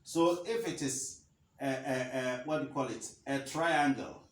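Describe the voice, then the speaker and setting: A man teaching a math lesson, slowly repeating key phrases for emphasis. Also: mid-range voice, a bit bright, far from the mic. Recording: roomy echo, faint ambience.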